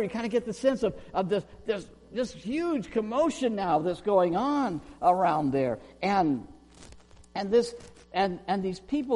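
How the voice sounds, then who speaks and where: A man preaches a sermon in a high, lively voice that leaps up and down as he asks the congregation questions. He acts out quoted shouts with real force. His voice rings with a long reverb, as in a big hall. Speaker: pastor.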